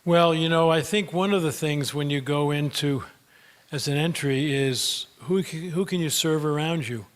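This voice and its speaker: A man's voice: fairly high pitch, normal speed. Older man, folksy storyteller, chatty Q&A speaker. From United States. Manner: folksy, chatty, fillers like "you know". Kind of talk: storytelling talk and Q&A answers.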